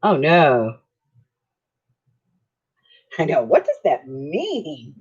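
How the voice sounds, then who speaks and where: A woman's voice: low-pitched, wildly swooping pitch, extremely slow, a little mellow, breathy edge. A middle-aged woman, chatting casually while crafting on a livestream, teasing and laughing often. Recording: dull lo-fi stream audio.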